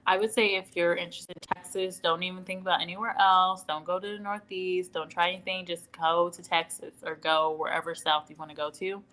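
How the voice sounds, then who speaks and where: A woman's voice: fairly low pitch, level tone, a little fast, few pauses, sharp tone, a little hiss or hum, rough recording. A woman from the Midwestern United States, chatting at home as a livestream host, reading out viewer comments and acting out quoted dialogue with laughs. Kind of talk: casual live-stream chit-chat. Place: at home in Dallas.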